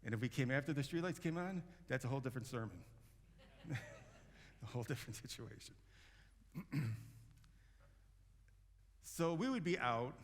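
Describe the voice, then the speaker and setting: Pastor guy, low gravelly voice, chatty restarts, big echoey church. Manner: conversational preaching with many restarts and fillers. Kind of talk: sermon. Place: church sanctuary. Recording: long church hall reverb.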